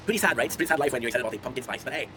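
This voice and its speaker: Rapid-fire and animated, a mid-range male voice belongs to a twenty-something content creator streaming to chat. He talks casually with viewers, rambles through stories and laughs frequently, over background noise.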